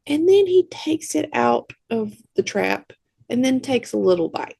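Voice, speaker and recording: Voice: mid-range voice, unhurried, creaky, slightly rough, no room sound. A podcast co-host chattily recapping a film scene by scene, tossing in wry asides. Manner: chatty, animated storytelling with asides. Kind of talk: casual movie recap.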